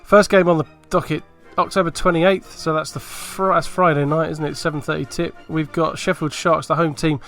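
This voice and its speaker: A man hosting a casual sports podcast, running through predictions with a brisk, teasing manner. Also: fairly high pitch, fairly even intonation, a bit bright, soft background music. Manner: brisk, teasing, runs the segment. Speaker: podcast host.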